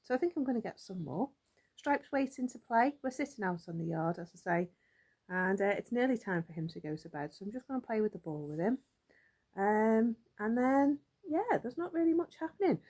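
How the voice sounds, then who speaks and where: Chatty woman vlogging with a higher voice. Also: lively intonation, a little fast, darkish tone, breathy edge. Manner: chatty and rambling, thinking aloud. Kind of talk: casual vlog chat. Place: outdoors in a yard.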